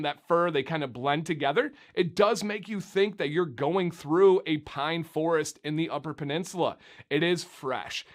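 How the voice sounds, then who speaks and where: A young man from Michigan talks straight to camera in a casual beard-oil review vlog. His voice sits a little higher than most men's, and his delivery is chatty and animated. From Michigan, USA.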